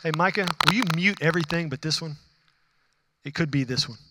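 A man's voice: fairly high pitch, brisk, big-room sound, very noisy. A man preaching a sermon as a pastor, talking conversationally, asking the congregation questions and acting out dialogue with God. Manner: acts out dialogue with God in animated bursts.

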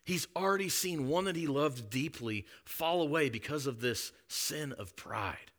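A male preacher delivers a sermon in a bright, ringing voice. He preaches emphatically, dropping to a hush and then building to loud, forceful declarations. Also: a little high, a little slow. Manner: emphatic, swings from hushed to loud.

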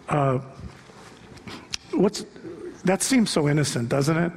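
A male pastor with a high voice preaches a sermon through animated storytelling, rising to impassioned shouts. His unhurried delivery echoes with long reverb like a large hall, and there is slight background noise.

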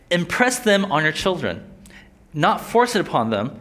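A man's voice: fairly high pitch, big pitch swings, moderate pace, fairly bright tone. A young adult man teaching a Bible lesson in a casual, conversational sermon style, often asking his listeners questions. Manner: conversational, asks the audience questions.

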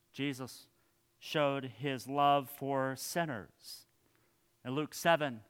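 A male pastor preaching a sermon in a church, earnest, his phrases trailing off softly at the ends. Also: medium pitch, clean tone.

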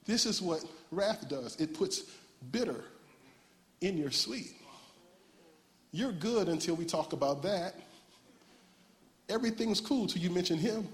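High-voiced preacher in a ringing hall. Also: male voice, measured pace, long pauses. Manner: lively preaching, call-and-response shouting, laughs. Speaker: pastor. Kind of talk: animated sermon. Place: church sanctuary. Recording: church hall reverb.

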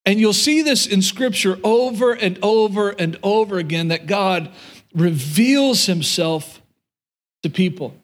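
A male pastor with a fairly high voice preaches to a congregation. He speaks earnestly, doubling back on his words, and slips into paraphrasing God's voice. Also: unhurried. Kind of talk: sermon. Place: church room with audience.

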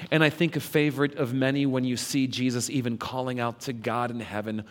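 A man giving a reflective devotional talk, reading scripture questions slowly and dramatically. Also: medium pitch, fairly even intonation, big-room sound. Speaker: preacher.

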